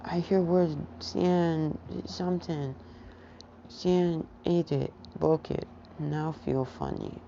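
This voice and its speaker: A woman's voice: deep voice, lively intonation, slow, gravelly, warm tone, slight background noise, pitched above the performer's own voice, full character voice. A woman voicing a three-year-old boy who speaks in broken baby talk and squeals when scared, on a dull lo-fi recording. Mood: earnest. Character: toddler boy, frightened and eager to help.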